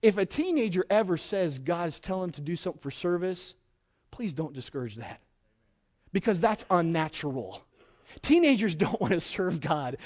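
A man's voice: high-pitched, very animated, normal speed, a little mellow. A young man preaching a sermon, telling a story with many restarts and building to emphatic points. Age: young adult.

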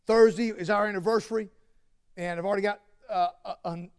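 A male pastor preaching a sermon, dropping to quiet asides and then rising to loud, shouted exhortation. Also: high-pitched, fairly even intonation, brisk, clear, resonant tone.

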